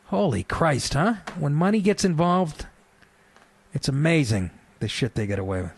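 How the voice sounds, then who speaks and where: A man's voice: fairly high pitch, lively intonation, normal speed, slightly rough, dry recording. A man hosting a talk radio show, delivering a sarcastic, profane rant.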